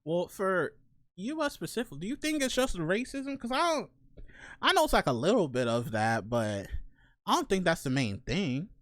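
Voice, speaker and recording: Lively young man, slangy. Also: high-pitched, moderate pace, no room sound. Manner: slangy, animated storytelling with laughs. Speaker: podcast host. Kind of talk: casual chat.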